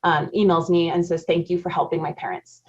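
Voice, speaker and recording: A woman's voice: on the low side, level tone, brisk, darkish tone. A woman in her forties, a marriage coach hosting a live webinar, chatty, laughing often and quizzing her audience. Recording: dull lo-fi audio.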